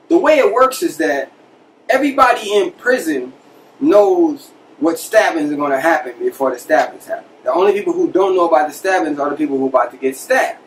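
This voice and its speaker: A man casually telling a personal story from his past as a podcast host, conversational and animated, acting out the people he quotes. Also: a little high, distant mic, a little hiss or hum, rough recording.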